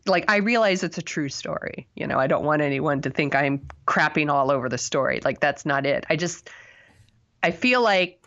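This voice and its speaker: A woman's voice: low-pitched, lively intonation, moderate pace, a bit bright, highs cut off. Rambling woman chatting about a film. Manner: rambling, many fillers, self-deprecating laughs. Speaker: podcast co-host. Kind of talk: casual movie review chat.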